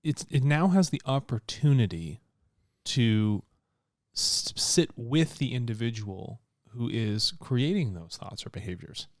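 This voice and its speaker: With a mid-range, expressive voice and a measured pace, this man co-hosts a podcast, keeping the talk loose and filler-heavy and laughing readily. The studio recording is clean, with no echo.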